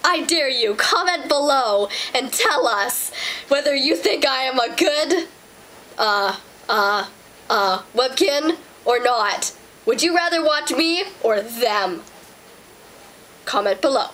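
A woman's voice: sits high, lively intonation, takes it slowly, fairly bright tone, slight background noise, exaggerated voice, low-quality recording. A woman voicing a grumpy, rude male plush toy. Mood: boastful. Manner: blunt, sulky complaints. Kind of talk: playful fan-made role-play interview.

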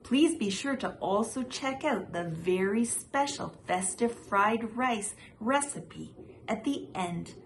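A woman reading a children's picture book aloud in a gentle, expressive way as the regular storyteller of her show. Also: a little high, takes it slowly, a little hiss or hum.

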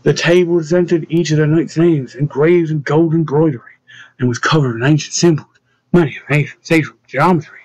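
A man's voice: on the high side, steady tone, moderate pace, darkish tone, no room sound. A man narrating a fantasy storybook aloud, slipping small voice changes into the dialogue. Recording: dull, dry close recording.

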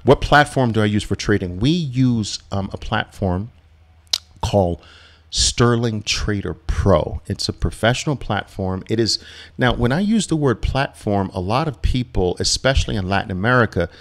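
A middle-aged man hosting a live Q&A on trading, telling stories in a casual, animated way and acting out quotes with big jumps in pitch. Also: moderate pace. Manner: animated, acts out quotes with sharp rises in pitch, laughs often.

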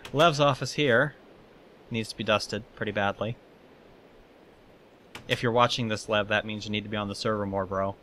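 A man's voice: lowish voice, steady tone, unhurried, long pauses, a bit bright, slight background noise. A man hosting a let's play, chatting casually and swearing as he guides a tour through a game world. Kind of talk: casual gameplay commentary.

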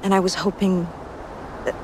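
A woman's voice: mid-range voice, flat delivery, moderate pace, a little mellow, slight background noise, natural voice. An actress playing an exhausted, defiant young woman on the run in a video game. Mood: pleading. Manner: weary, pleading.

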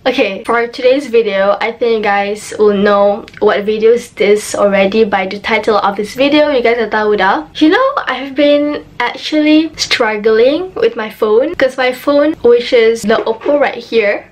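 Excitable young Malaysian woman vlogging. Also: fairly high pitch, moderate pace, hardly any pauses. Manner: excitable, mixes English and Malay. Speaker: YouTuber. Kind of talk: casual vlog chat.

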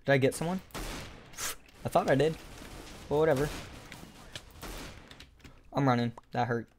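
A young man narrates his video game round live from his desk mic, in a casual, talky way. He swings between excitable play-by-play and dry sarcasm at his teammates. Faint clicks and gunfire hum underneath. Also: medium pitch, unhurried. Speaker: gaming YouTuber. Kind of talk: live gameplay commentary.

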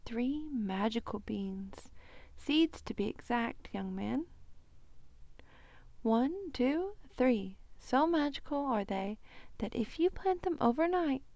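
A woman's voice: high voice, sing-song, slow, dark tone, no echo, exaggerated voice. A woman doing a sly little old man.

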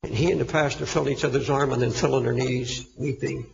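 A man's voice: medium pitch, steady tone, quick pace, gravelly. A man preaching a sermon, telling a story with fervent, impassioned delivery. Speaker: pastor. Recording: echoey hall, dull lo-fi recording.

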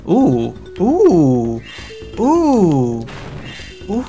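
A young man casually commenting on his own gameplay as a let's play host, chatty and quick to react. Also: medium pitch. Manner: excitable, chatty, reacts loudly to the game. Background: game music.

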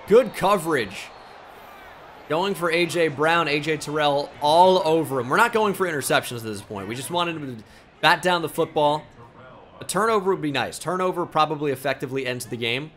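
A man's voice: a little high, fairly bright tone, a little hiss or hum. A young man commentating his own video game as a gaming YouTuber, switching between mock play-by-play and frustrated outbursts.

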